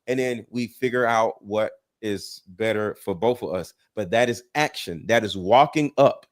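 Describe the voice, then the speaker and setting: A man's voice: on the low side, unhurried. A man hosting a livestream, lecturing in a blunt, emphatic way with plenty of swearing. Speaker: livestream host. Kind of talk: casual livestream commentary.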